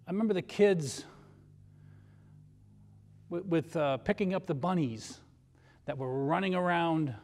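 Brief: male preacher, high voice, relaxed and joking, asks the congregation questions. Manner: conversational, self-deprecating humor, rhetorical questions. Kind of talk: sermon. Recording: long hall reverb.

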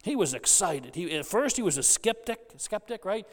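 Sixties pastor preaching, swoops up and down a lot, jokey storyteller, big reverby church. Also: male voice, high-pitched, normal speed. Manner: animated, joking storyteller. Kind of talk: sermon. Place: church sanctuary.

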